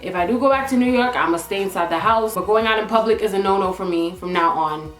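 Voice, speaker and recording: A young woman from Toronto, a vlogger, telling a story casually to the camera in an animated, emphatic way with frequent asides. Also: medium pitch, fast talker. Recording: echoey room, faint music.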